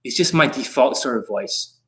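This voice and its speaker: A man's voice: medium pitch, animated, moderate pace, a bit bright. A middle-aged man, a dating coach, talking on a live stream in an intense, rambling, profane way that can come across as angry.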